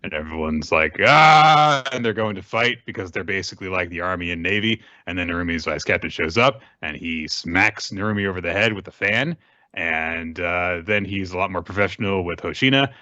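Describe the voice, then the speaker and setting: A man hosting a podcast, casually recapping a manga chapter, rambling and swearing, with quick playful impressions of the characters. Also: low-pitched, bright, forceful tone, no echo, highs cut off. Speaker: podcast host.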